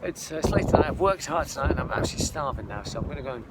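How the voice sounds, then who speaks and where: A man's voice: medium pitch, expressive, very fast. A man chatting casually to his viewers in a rambling vlog, calling them folks. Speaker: vlogger. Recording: background noise.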